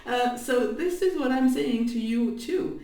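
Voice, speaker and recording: A woman's voice: fairly high pitch, unhurried. Blunt woman ranting in an echoey room. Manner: animated, blunt, laughs between points. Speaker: twin flame coach. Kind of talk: casual direct-to-camera rant. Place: room, filmed on camera. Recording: echoey room, distant mic.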